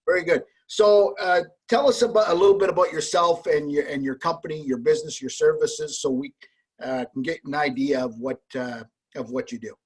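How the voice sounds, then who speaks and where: Husky man asking rambling interview questions. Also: on the high side, brisk. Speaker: host. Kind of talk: casual interview.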